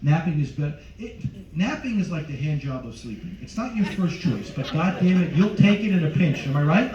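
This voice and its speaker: A male comedian works the crowd on a cruise ship stage, teasing them loudly, his slightly high voice jumping up in pitch. He sounds far from the mic in an echoey room. The sound is dull, with audience noise clearly heard behind him. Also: expressive, moderate pace. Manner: loud, teasing crowd work with sudden jumps in pitch. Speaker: stand-up comedian. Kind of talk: stand-up comedy set.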